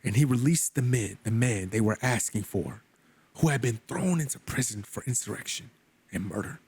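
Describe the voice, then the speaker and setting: Husky man teaching a fervent Bible study. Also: animated, normal speed, darkish tone. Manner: emphatic, preacherly, pitch climbing on stressed words; casual asides to listeners.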